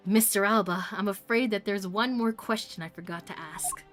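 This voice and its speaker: A woman reading a confident male prosecutor's accusations from a game in her own voice, measured and pointed. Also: medium pitch, faint music behind, natural voice. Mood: accusing.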